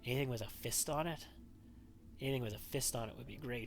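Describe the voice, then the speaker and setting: A man's voice: medium pitch, fairly even intonation, normal speed, a little hiss or hum. A man hosting a let's play, thinking aloud and wavering as he makes choices in a strategy game. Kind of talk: gameplay commentary.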